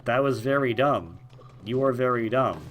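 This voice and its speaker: A man's voice: mid-range voice, moderate pace, fairly bright tone, soft background music. A man giving casual, rambling commentary over a video game, joking and drifting into tangents and mumbled asides. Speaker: gaming video host. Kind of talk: casual let's-play commentary.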